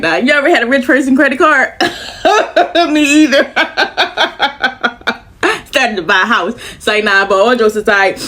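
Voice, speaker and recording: Breathless woman storyteller, bright and forceful tone, animated and profane, casual vlog delivery. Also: a little high. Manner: animated, profane, repeats phrases for emphasis. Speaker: storyteller vlogger.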